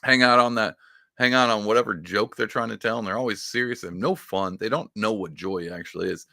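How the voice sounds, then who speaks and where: A man's voice: fairly low pitch, a little fast, creaky, dry recording, studio quality. A man hosting a political commentary show who talks emphatically and gets fired up. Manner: excitable, emphatic, restarts and fires up. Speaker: podcast host.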